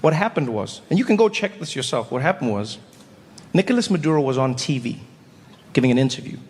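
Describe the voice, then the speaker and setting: A man performing stand-up comedy, telling animated stories full of voice impressions. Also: medium pitch, brisk. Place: comedy stage before an audience. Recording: live in a reverberant venue.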